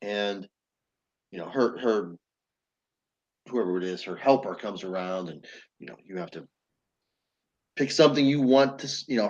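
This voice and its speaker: A man, a guest on the show, telling a halting, rambling story. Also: mid-range voice, highs cut off. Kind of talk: casual chat.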